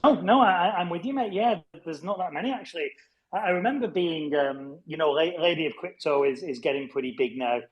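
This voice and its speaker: A man from Wigan with a northern English accent chats as a guest in a relaxed online interview. He is chummy and talkative and keeps calling the host "mate" and "buddy". His voice sits a little high. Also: a little fast, dull audio. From Wigan, Greater Manchester, England. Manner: chummy, says mate and buddy a lot, chatty. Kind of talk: casual online interview chat.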